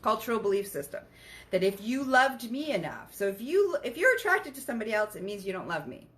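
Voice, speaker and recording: Bright-voiced woman hosting a podcast. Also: on the high side, sing-song, brisk. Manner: emphatic, frank, swears, checks in with listeners. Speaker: podcast host. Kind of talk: casual podcast monologue.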